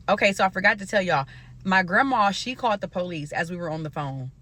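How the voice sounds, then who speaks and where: A woman's voice: medium pitch, fast, sharp tone. A woman from Nebraska telling a story in a loose, profane, casual style and talking straight to her viewers. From Omaha, Nebraska.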